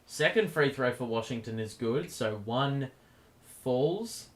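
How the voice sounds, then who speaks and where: A man hosts a live stream and calls the game play by play. His commentary is casual, and his voice is going hoarse. He lifts sharply in volume and pitch whenever a big play happens. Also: lively intonation, takes it slowly. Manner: casual, gets loud over big plays. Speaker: stream host.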